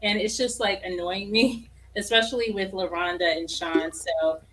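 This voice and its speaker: Frank woman with a bright voice. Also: mid-range voice, fairly even intonation, moderate pace. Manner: frank, exasperated opinions. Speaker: panelist. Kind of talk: casual podcast chat.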